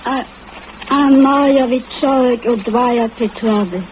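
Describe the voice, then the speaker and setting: A woman's voice: a little high, fairly even intonation, slow, background noise. An actress playing a tired older woman coaxing her drunk husband home, in an old-time radio drama. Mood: weary coaxing. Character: weary older woman, patient long-suffering wife. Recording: muffled old radio recording.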